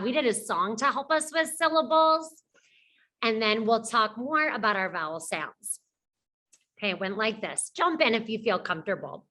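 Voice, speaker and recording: Slow, bright-voiced woman teaching little kids. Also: on the high side. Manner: slow, encouraging, sings letter-sound songs. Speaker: pre-K teacher. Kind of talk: children's phonics lesson.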